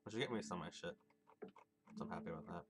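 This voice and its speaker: Speaking low and at a racing clip, a man streams a video game over game music, chatting casually with viewers in a rambling, sweary way.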